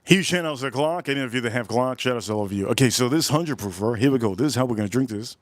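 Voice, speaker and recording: A man hosts a casual live stream outdoors at a barbecue, talking straight to his chat. He repeats his lines and keeps jumping into loud, excited shout-outs. His voice sits at an ordinary pitch and sounds dry and close to the mic. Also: fast talker, no echo. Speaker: livestream host.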